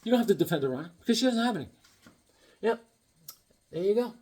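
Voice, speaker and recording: Man, casual comic book chat, corny jokes, rambling, husky voice, lively up-and-down pitch. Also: fast. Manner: joking, rambling, corny one-liners.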